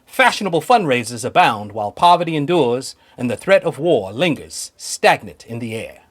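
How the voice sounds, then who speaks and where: A man's voice: mid-range voice, big pitch swings, normal speed. A man voicing a brooding, disillusioned 1930s male millionaire detective, reading with a Mid-Atlantic accent in a grave, formal noir style. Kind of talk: noir monologue read aloud.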